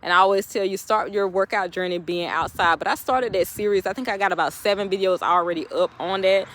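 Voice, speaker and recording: A woman talks straight to her viewers in a casual, chatty way. Her voice sits at a middling pitch, and she lays out her encouragement like a motivational speaker who sometimes slips into preaching. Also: fast talker, a bit bright. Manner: chatty, encouraging, preachy at times, with frequent laughs. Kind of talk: casual motivational talk to camera.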